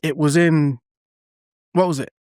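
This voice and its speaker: A man from England, co-hosting a podcast in casual chat, talking with quick restarts and frequent laughs. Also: fairly high pitch, fairly even intonation, darkish tone, clean tone, no echo, studio quality. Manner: chatty, laughs often, many restarts. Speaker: podcast co-host.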